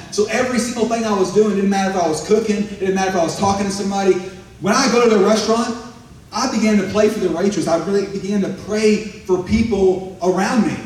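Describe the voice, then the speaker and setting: Man, preaching a sermon, earnest storyteller, fairly high voice, heard from a distance in a very echoey space. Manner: earnest storytelling, drops to a soft hush for quoted prayer. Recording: echoey, from far off.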